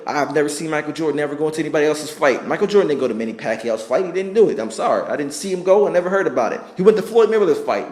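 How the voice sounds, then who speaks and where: A man's voice: fairly high pitch, a little mellow, roomy sound. A man giving a heated, profane sports rant, emphatic and argumentative, hammering the same points again and again. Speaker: vlogger ranting about sports.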